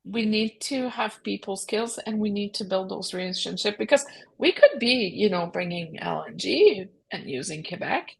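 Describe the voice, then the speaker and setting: A woman's voice: mid-range voice, lively intonation, vocal fry, husky, rough recording. A woman co-hosting a casual political podcast, talking in emphatic, opinionated bursts. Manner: emphatic, opinionated, quick outbursts.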